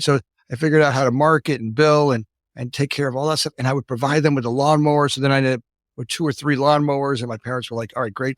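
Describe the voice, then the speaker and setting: A company founder in his fifties from the United States tells stories as an interview guest in a casual setting. His fairly high, gravelly voice moves rapidly, he tags lines with "right?", and he often restarts sentences. The studio sound is clean, with no room sound.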